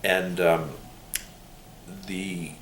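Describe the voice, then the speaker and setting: A middle-aged man telling family stories in a casual, animated way during an oral history interview, with laughter. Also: deep voice, very slow. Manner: animated, laughing, mimics voices when quoting. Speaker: interviewee's son. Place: room in a museum. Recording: roomy room with faint hiss.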